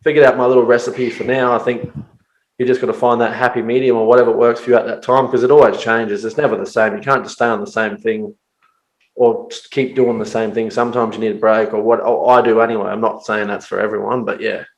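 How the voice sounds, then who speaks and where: A man's voice: mid-range voice, level tone, quick pace. A man hosting a podcast in casual chat, swearing and acting out quoted lines in little voices. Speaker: podcast host. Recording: roomy echo.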